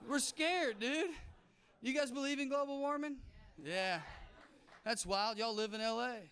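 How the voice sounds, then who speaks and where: A man's voice: extremely high pitch, unhurried. A man in his thirties with a Southern US accent doing a brash, punchy stand-up comedy set on stage. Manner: brash, punchy, mock-shouting crowd work. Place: comedy stage before a live audience.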